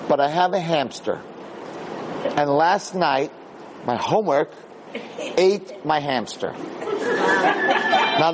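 An older man in his sixties, a rabbi, tells a childhood story with animated, self-deprecating humor. His voice sits somewhat high for a man, and he keeps doubling back to repeat a phrase. A faint background hum runs beneath him. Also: rough recording. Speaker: rabbi giving a Torah talk.

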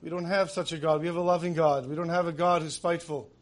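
Male preacher, higher register, casual delivery with rhetorical questions. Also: steady tone, fast talker. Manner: mixes in many Hebrew terms. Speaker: religious speaker. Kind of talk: sermon.

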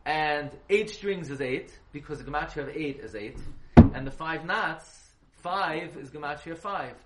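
A man's voice: a little high, unhurried. Man teaching a class in an echoey room. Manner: quizzes the class, spells words letter by letter. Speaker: Torah teacher. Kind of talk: halacha class lecture. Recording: echoey room, faint hiss.

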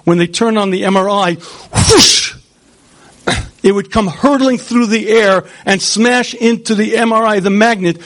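Man, Torah lecture, animated, rhetorical, addresses audience, higher voice.

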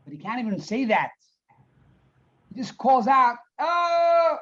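A man's voice: extremely high pitch, animated, normal speed, fairly bright tone, husky. Male rabbi teacher, storytelling class, translates line by line, muffled lo-fi sound. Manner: reads Hebrew phrases, then translates and elaborates; storytelling, repeats words for emphasis. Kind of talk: Torah class on a Hasidic discourse. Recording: dull lo-fi recording.

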